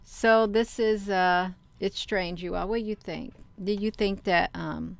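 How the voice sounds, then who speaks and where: A woman's voice: fairly low pitch, smooth, no room sound. Rambling woman. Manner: rambling, addresses viewers as "you all", many fillers. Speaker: vlogger. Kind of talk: casual chat reading online rumors.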